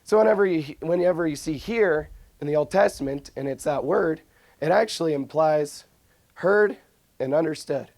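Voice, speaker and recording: Speaking at a moderate pace, a young man with a slightly high, gravelly and somewhat mellow voice gives an earnest, informal scripture talk as a religious speaker. He frequently restarts sentences and drops in fillers, with no echo in the audio.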